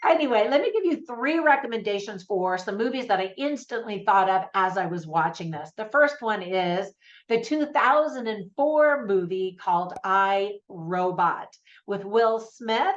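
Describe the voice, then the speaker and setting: A woman's voice: mid-range voice, lively intonation, a little slow, muffled recording. An American woman giving a casual, chatty spoken movie review, talking to the viewer with lots of asides. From United States. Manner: chatty and conversational, with frequent fillers and asides.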